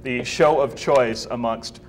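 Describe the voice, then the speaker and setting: A man with a middle-pitched voice wanders through his stories, choosing grand, mock-formal words as he goes. A low rumble of noise sits faintly in the background. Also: fairly even intonation, takes it slowly, low-quality recording. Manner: rambling, wordy, mock-formal. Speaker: cast member of a comedy show. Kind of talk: casual panel chat.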